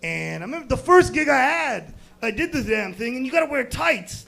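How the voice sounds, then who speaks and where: Young American stand-up comic, crude and rambling, loud bursts then mutters; high, gravelly voice. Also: male voice, sing-song, a little fast, hardly any pauses. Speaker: stand-up comedian. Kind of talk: stand-up set at an open mic.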